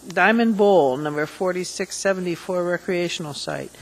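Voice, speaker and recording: A woman's voice: lowish voice, low-quality recording. Woman chairing a public assembly. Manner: brisk, reads long lists aloud. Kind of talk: formal meeting chairing.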